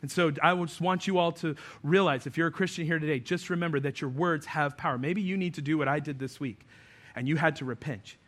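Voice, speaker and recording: A man's voice: fairly high pitch, brisk, fairly bright tone. A man preaching a sermon as a pastor, earnest and conversational, with self-deprecating asides.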